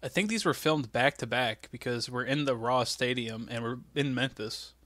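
A man co-hosting a podcast, recapping things in an animated, quick way in casual chat. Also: mid-range voice, dry recording. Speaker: podcast co-host.

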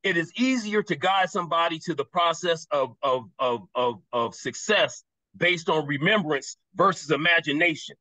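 A man speaking as a panelist on a video call, passionate and quick, repeating words for emphasis. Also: on the high side, expressive, sharp tone, dry recording, poor audio.

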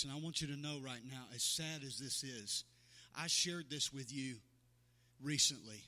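A man's voice: mid-range voice, bright, forceful tone. Fervent preacher man in an echoey hall. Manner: preaching with rising fervor, acting out quoted voices; calls out to congregation members by name. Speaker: pastor. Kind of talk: sermon. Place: church sanctuary.

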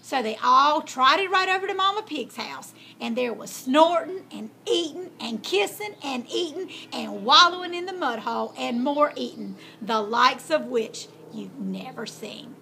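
A woman hosting a storytime, reading a children's tale aloud in a folksy, lively way. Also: high voice, measured pace, few pauses, slight background noise. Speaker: storyteller host.

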